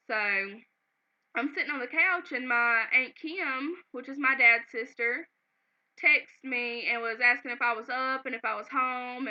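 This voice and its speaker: A woman talks straight to her camera at home, earnest and at times close to tears as she tells her story. Her voice sits a little high. The sound is somewhat dull and lo-fi, like a basic home video. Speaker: vlogger. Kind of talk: casual emotional storytelling to camera.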